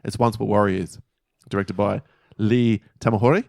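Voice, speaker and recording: A man co-hosting a casual podcast, talking in a rambling way with halting restarts. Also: on the low side, fairly even intonation, gravelly, a little mellow, dry recording, studio quality. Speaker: podcast co-host.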